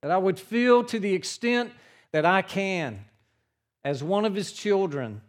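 High-voiced earnest male preacher. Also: darkish tone. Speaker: pastor. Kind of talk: sermon.

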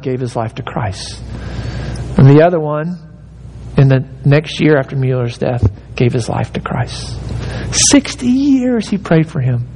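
High-voiced man preaching an urgent sermon. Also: darkish tone. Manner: emphatic, urging, acts out quoted prayers. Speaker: pastor. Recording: hall reverb with faint rumble.

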